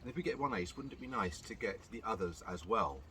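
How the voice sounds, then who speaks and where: A man's voice: on the low side, lively intonation, quick pace, a loud crowd. A man, a magician, talking through card tricks in a chatty, playful way, counting cards aloud as he goes. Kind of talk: patter while performing card tricks.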